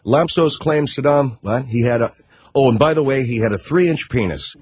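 A man's voice: medium pitch, moderate pace, darkish tone, slightly rough, no room sound. A man hosting a talk radio show, riffing sarcastically and mockingly on news stories.

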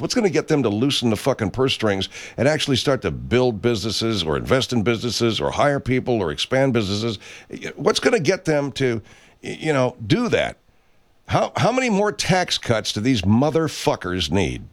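A man's voice: mid-range voice, very animated, moderate pace. A man delivering an angry, profane, sarcastic political rant as a commentary host.

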